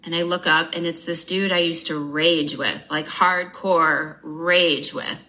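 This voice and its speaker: A woman's voice: deep voice, low-quality recording. A woman guest giving a candid personal account in an interview, frank and blunt, swearing freely, with wry humor. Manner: brisk, animated retelling with wry humor.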